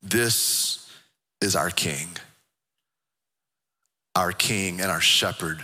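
A man preaching a sermon as pastor, earnest, repeating and restarting phrases, slowing down for emphasis. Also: low-pitched, bright, forceful tone, slightly rough, big-room sound. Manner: earnest, repetitive, stammering restarts, slows for emphasis.

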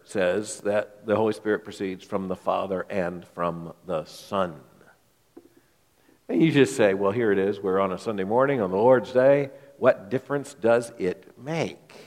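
A male pastor preaching an expository sermon to his congregation, emphatic, often repeating words as he thinks aloud. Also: lowish voice. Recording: long hall reverb.

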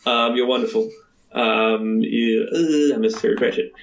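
A man's voice: fairly low pitch, monotone, normal speed, gravelly. A man playing a tabletop game, talking casually and hesitantly with many ums. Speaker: player. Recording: roomy echo.

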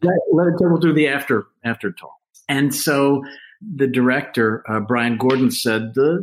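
A middle-aged man in a relaxed interview, telling rambling stories with self-mocking asides. His pitch sits in a plain middle range, and he jumps between quick bursts and slow, drawn-out phrases. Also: poor audio. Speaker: actor guest. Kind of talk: casual interview chat.

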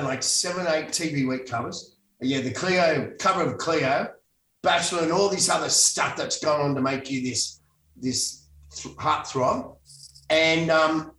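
Bright and forceful, a little high, the voice comes from a middle-aged Australian actor telling stories as an interview guest. He rambles casually, restarting and correcting himself often, heard through a distant mic with a roomy echo.

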